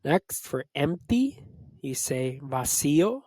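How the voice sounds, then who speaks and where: Male tutor, very slow and measured delivery, dry close sound, mid pitch. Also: big pitch swings, a little mellow, no room sound. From United States. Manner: slow, deliberate word-by-word drilling. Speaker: Spanish tutor. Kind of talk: slow vocabulary lesson.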